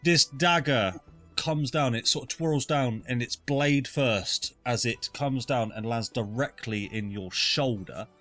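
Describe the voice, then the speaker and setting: A man's voice: medium pitch, measured pace, a bit bright, faint music behind. A man narrating a live tabletop game as dungeon master, playful, with many fillers and mouth sound effects.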